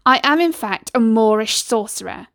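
A woman's voice: fairly high pitch, animated, moderate pace, vocal fry, fairly bright tone, dry recording. A woman voicing a scheming male sorcerer who snarls and hisses his threats, in a dry close recording. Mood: menacing. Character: scheming middle-aged male sorcerer, menacing.

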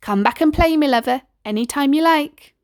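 A woman voicing a warm, easygoing mother of a big household in a storybook reading. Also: high-pitched, moderate pace, no room sound, clean studio sound, voice pushed up. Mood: kindly. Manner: kindly, homely, unbothered.

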